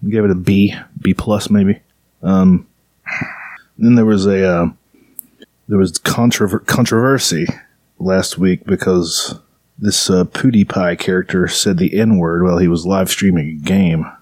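A man talks casually as a podcast host, wandering through his thoughts with plenty of fillers and a sarcastic edge. His voice sits low. The sound is dry and close. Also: steady tone, a little slow, a little mellow, no echo. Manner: rambling, sarcastic, lots of fillers. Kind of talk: casual chat.

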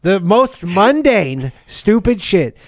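A man's voice: high-pitched, big pitch swings, slow pace, no room sound, studio quality. A young man co-hosting a podcast, telling crude stories with lots of laughter and mocking voices. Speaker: podcast co-host. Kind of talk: crude comedic podcast banter.

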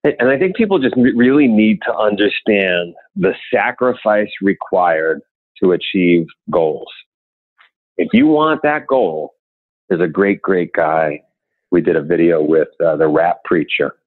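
A man telling motivational stories in a guest interview, acting out the people he quotes. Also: measured pace. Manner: animated, acts out quotes in raised pitch. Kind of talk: motivational storytelling. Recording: tinny phone-like line.

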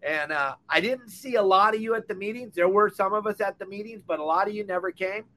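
Fired-up older man, bright and high. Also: a little fast. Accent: Southern Californian. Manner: fired-up, blunt, scolding. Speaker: fishing podcast host. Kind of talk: impassioned rant. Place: on a boat or dock.

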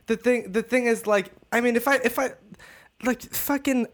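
A man with a high voice talks on a podcast in loose, casual chat. He stops and restarts his sentences often and swears freely. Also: steady tone, a bit bright. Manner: halting, swears a lot, many restarts. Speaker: podcast host. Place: room, recorded for a podcast.

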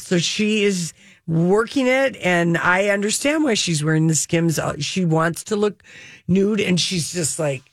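A woman co-hosting a radio show, chatting in a gossipy, animated, rambling way. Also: on the low side, unhurried, no room sound, studio quality. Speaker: radio co-host. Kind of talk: casual radio chat.

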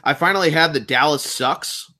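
A man's voice: a little high, normal speed, pushed and bright. A man co-hosting a sports podcast, talking in a nervous, rambling, self-deprecating way. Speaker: podcast co-host. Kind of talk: casual sports podcast chat.

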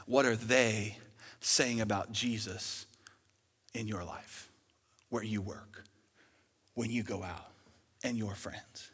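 A man's voice: fairly low pitch, fairly even intonation, slow, long pauses, a bit bright, breathy edge, long reverb tail. A male pastor preaching a sermon, asking rhetorical questions and building in intensity.

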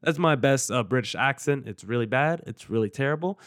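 A man's voice: medium pitch, lively intonation, brisk, a bit bright, no room sound, studio quality. A man hosting a solo sports podcast, talking in a conversational, rambling and upbeat way with a self-deprecating streak.

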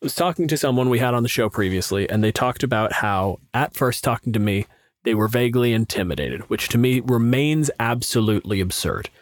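A man's voice: medium pitch, animated, fairly quick, dry recording, clean studio sound. A young man from Canada, co-hosting a podcast as its game master, chatting casually in a rambling, self-deprecating way. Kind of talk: casual chat.

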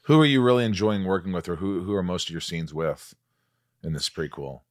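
A man's voice: sits low, a little fast. A man interviewing an actress, asking questions in a playful, teasing way.

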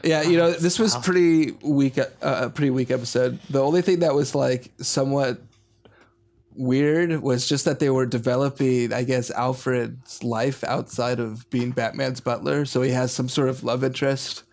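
Male co-host, mid pitch, hesitant, lots of fillers, casual chat. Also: steady tone, moderate pace, gravelly, darkish tone. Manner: hesitant, full of filler words. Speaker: podcast co-host.

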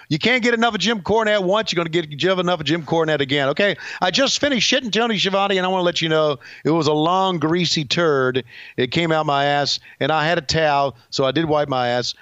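A man putting on the voice of a crude, boastful male wrestling manager who rambles loudly. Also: high voice, dry recording, muffled recording, voice pushed up.

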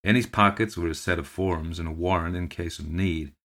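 Low-voiced guy reading a spooky story for his podcast, steady and even. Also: brisk. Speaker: podcast narrator. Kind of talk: reading a ghost story aloud.

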